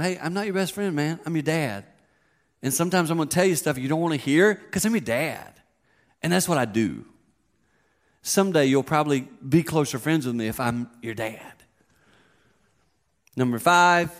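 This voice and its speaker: A man in his fifties giving a sermon, a conversational, joking storyteller. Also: medium pitch. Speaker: pastor.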